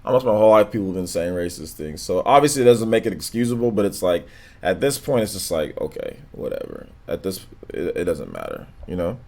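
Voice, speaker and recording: A man hosting a live stream, chatting casually with viewers in a low, monotone, laid-back way, full of slang and filler words. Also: fast. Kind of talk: casual stream chat, reading donations and comments.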